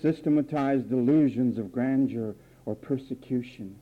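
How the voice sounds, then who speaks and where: A man's voice: medium pitch, moderate pace, phone-quality sound. A man preaching a sermon, theatrical, acting out voices and repeating phrases for effect.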